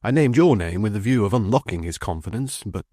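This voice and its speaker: A man voicing a brisk, decisive middle-aged defence lawyer who speaks quickly and with emphasis. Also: fairly low pitch, animated, warm tone, no echo, studio quality.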